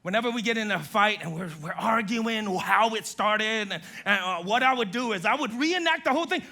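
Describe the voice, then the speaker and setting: A male pastor preaching a sermon in a church, acting out quotes from spouses in an animated way. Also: high voice, fairly quick, vocal fry, hardly any pauses.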